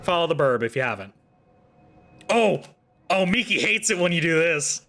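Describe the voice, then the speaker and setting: A man's voice: a little high, big pitch swings, normal speed, a bit bright. A man streaming a video game, chatting casually with his viewers in a playful, teasing way. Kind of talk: casual livestream chat.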